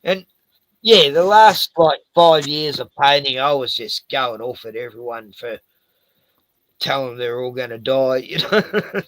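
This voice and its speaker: A man's voice: mid-range voice, a little slow, a bit bright, no room sound, low-quality recording. An older man, a retired house painter, rambling and swearing through a casual chat with lots of "you know".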